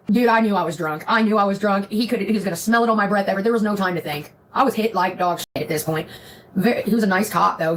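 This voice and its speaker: A woman's voice: on the low side, poor audio. A woman on a live stream telling a rambling, profane story in casual chat. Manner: profane, rambling, animated retelling.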